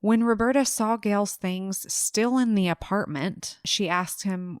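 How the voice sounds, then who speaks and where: A woman co-hosting a casual true-crime podcast, telling the case in a relaxed way and laughing easily. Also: medium pitch, unhurried, smooth, no room sound, studio quality. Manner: relaxed storyteller, laughs easily, acts out quotes briefly. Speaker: podcast co-host narrating the case.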